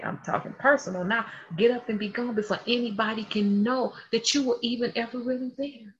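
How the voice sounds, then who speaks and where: A woman preaching a sermon with animated delivery, acting out the people in her stories. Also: on the high side, a little fast, few pauses, a little hiss or hum. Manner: animated, acts out quotes in voices. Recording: dull lo-fi sound.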